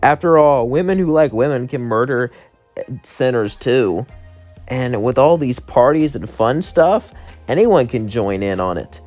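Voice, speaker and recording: Guy putting on bubbly party girl angel, squeaky highs, kinda unhinged. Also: lively intonation, measured pace, a little mellow, faint music behind, close to an everyday voice. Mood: giddy. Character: giddy party-loving young angel woman.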